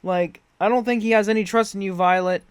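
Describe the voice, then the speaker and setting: A man's voice: high voice, fairly even intonation, a little fast, background noise. A man hosting a reaction video, giving sarcastic, profane commentary.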